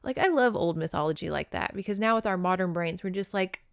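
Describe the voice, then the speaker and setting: A woman's voice: fairly low pitch, lively intonation, moderate pace, creaky, a bit bright, dry recording, clean studio sound. A young woman hosting a casual podcast where she recaps an old novel, chatty and giggly, swearing freely. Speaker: podcast host.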